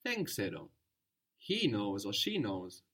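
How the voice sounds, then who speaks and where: A man teaching a spoken language lesson, patient and encouraging, explaining slowly and repeating words. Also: fairly low pitch, wildly swooping pitch, fairly bright tone, breathy edge.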